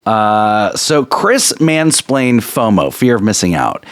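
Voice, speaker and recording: Wry man with a lively pitch. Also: slow pace, no room sound, studio quality. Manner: wry, teasing delivery. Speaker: podcast co-host. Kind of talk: reading comic episode summaries.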